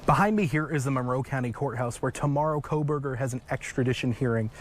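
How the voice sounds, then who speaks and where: A man working as a television news reporter, speaking in a crisp, steady broadcast delivery while reporting live from outdoor scenes. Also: medium pitch, quick pace, a little hiss or hum.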